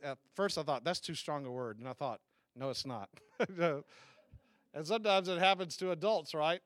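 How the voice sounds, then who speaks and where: A man preaches a sermon in an easy, conversational way, often asking questions of his listeners and restarting his thoughts. His voice sits a little high for a man. The sound is dry and close, with almost no room echo. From American South. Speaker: pastor.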